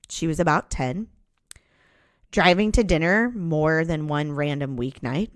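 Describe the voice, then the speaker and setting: A woman's voice: on the low side, no echo, studio quality. A woman, a podcast host candidly telling her own story, with a few restarts. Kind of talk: personal storytelling.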